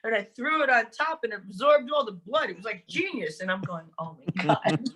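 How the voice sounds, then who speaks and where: With a crowd audible behind her, a woman speaks at medium pitch and normal speed. She's an actress and director guesting on a podcast, spinning set stories loosely, laughing, swearing and acting out dialogue.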